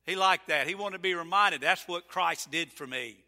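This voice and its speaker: A male pastor preaching a folksy, emphatic sermon, building to loud, drawn-out peaks. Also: high-pitched. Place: church sanctuary. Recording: reverberant church sanctuary.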